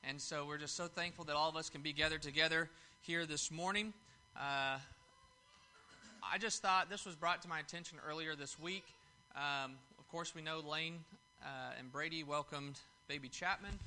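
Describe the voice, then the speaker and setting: A man's voice: on the high side, moderate pace, pushed and bright, a little hiss or hum. A man preaching a Sunday sermon to his congregation, telling a story in a folksy way with fillers and restarts. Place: church service.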